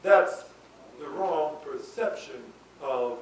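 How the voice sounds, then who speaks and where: A man preaching a sermon, dropping to low asides and rising to shouted, sing-song peaks. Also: animated, takes it slowly. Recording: echoey hall from far off with faint noise.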